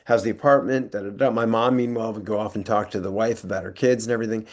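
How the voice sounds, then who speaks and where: A man's voice: lowish voice, steady tone, racing, darkish tone. A man in his sixties from the United States, telling anecdotes as a guest speaker in a rambling, conversational way. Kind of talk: anecdotal storytelling talk.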